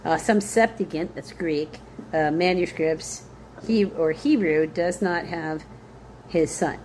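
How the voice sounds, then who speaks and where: A woman with a lowish voice works slowly through a Bible passage, spelling out difficult names letter by letter. She pauses to think aloud between verses. A faint hiss of noise sits under the recording. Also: a little mellow. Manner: thinks aloud with fillers and small laughs. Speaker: Bible study leader. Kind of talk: reading scripture aloud with commentary.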